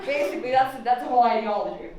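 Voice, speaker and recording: A young woman doing stand-up at a club open mic, her slightly high voice chatty and profane, often breaking into laughter at her own jokes. She is heard from a distance in a very echoey room. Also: rapid-fire, a crowd in the background. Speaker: stand-up comedian. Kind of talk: stand-up comedy set. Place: student comedy open mic.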